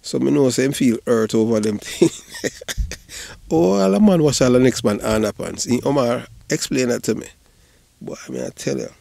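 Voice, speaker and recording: Gravelly Jamaican man, rambling commentary. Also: medium pitch, expressive, moderate pace, warm tone, no echo. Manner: rambling, repeats "you know", bursts into laughter. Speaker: online commentator. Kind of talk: casual patois commentary.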